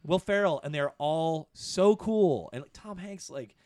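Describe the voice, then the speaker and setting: A middle-aged man and podcast producer in casual chat, telling stories with bursts of excitement that jump high in pitch. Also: unhurried, no echo. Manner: excitable storyteller, swings to high animated peaks.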